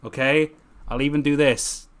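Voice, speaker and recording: A man's voice: on the high side, steady tone, moderate pace, clean tone. A man reading his own book aloud casually, tripping over words and correcting himself with jokey asides.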